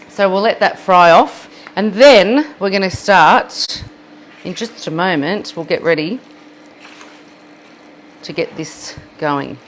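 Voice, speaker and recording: Australian woman, lowish voice, friendly cookalong host in a home kitchen, chatty, laughs at herself. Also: a little hiss or hum. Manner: chatty and self-deprecating, laughs at her own mess. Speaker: cooking demonstrator. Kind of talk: live cookalong demonstration.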